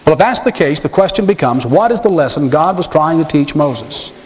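A man's voice: fairly high pitch, lively intonation, a little fast. A man preaching a sermon, emphatic and full of rhetorical questions to his listeners. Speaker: pastor. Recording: long hall reverb.

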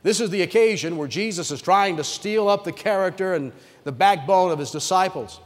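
A man's voice: high voice, brisk. A male pastor preaching a sermon, retelling scripture dramatically and emphatically. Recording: reverberant hall sound.

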